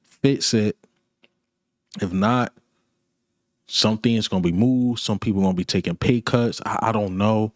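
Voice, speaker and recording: A man's voice: fairly low pitch, measured pace, pauses often, no room sound, clean studio sound. A man ranting about his football team, blunt, frustrated and repetitive, in casual sports talk. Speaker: sports commentator.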